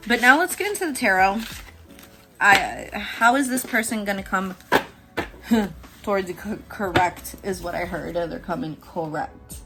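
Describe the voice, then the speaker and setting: A woman giving a casual tarot reading who is excitable and jumps between hushed, low talk and squealing laughter. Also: unhurried, over loud music. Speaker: tarot reader.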